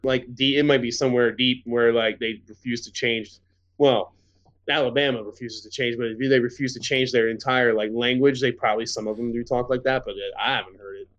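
A man co-hosting a podcast in casual, rambling chat, swearing freely and getting animated. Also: mid-range voice, a little fast, dull audio. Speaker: podcast co-host.

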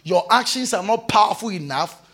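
A man preaching a sermon, shouting scripture with fervor and dropping to quiet prayer. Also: sits high, animated, normal speed, husky. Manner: shouts scripture, then drops to soft prayer.

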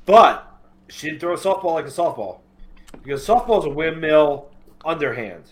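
A man's voice: on the high side, very animated, normal speed. A man co-hosting a podcast, joking and swearing in casual chat. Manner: profane, joking, chiming in. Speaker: podcast co-host.

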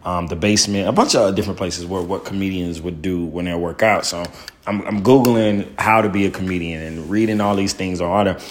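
A man, a stand-up comedian, telling his own story in a loose, profane way full of fillers and "boom". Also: fairly quick, a little hiss or hum. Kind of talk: casual storytelling.

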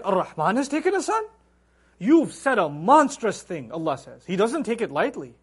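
A middle-aged man giving a religious lecture, animated and acting out quoted voices. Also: very high voice. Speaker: Islamic lecturer.

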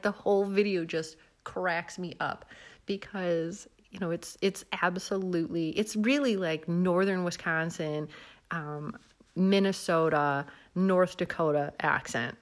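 A woman from the American Midwest chats on her own show with a Midwestern accent. Her voice sits a little low, and she talks loosely with plenty of fillers and quick laughs. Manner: chatty, laughs often, many fillers. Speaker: podcast host. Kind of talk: casual solo chat.

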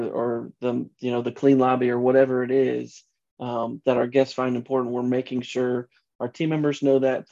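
A man's voice: medium pitch, gravelly, mellow, lo-fi sound. A man answering podcast interview questions as a franchise executive, earnest and often restarting his sentences.

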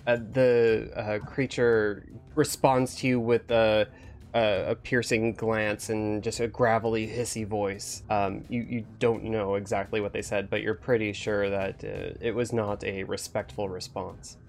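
A man's voice: on the low side, flat delivery, a little slow, vocal fry. A man narrating as game master, describing the action steadily and checking the rules aloud.

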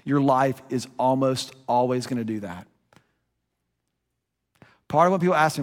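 A man's voice: mid-range voice, moderate pace, pauses often. A man preaching a conversational sermon, his voice rising and dropping for emphasis. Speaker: pastor. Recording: long reverb of a large room.

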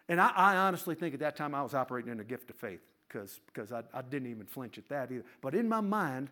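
A man preaching, telling a personal story in an animated, conversational sermon style. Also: medium pitch, quick pace, few pauses. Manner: animated storyteller, rising to laughing shouts. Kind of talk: sermon testimony.

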